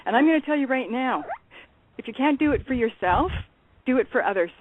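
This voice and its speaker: A woman's voice: high-pitched, expressive, brisk, no room sound. A woman guest on a call-in talk show, speaking bluntly and urgently and swearing freely. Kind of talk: impassioned call-in rant. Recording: tinny phone line, dry.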